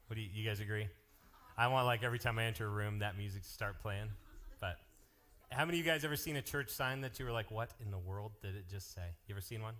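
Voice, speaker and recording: Joking, energetic youth pastor. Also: male voice, fairly low pitch, fast. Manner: energetic, joking, jumps between topics. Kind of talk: live youth ministry announcements and storytelling.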